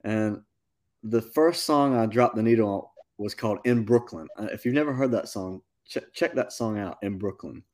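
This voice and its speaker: A man, a musician guest telling a long story in a casual, animated interview. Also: fairly low pitch, normal speed. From North Carolina. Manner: animated anecdote-telling, with quoted asides.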